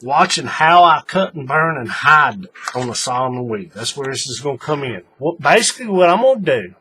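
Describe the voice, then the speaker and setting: A man's voice: mid-range voice, big pitch swings, moderate pace, sharp tone, slight background noise. A man giving a casual, folksy hands-on craft tutorial, talking while he works. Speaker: paracord tutorial maker.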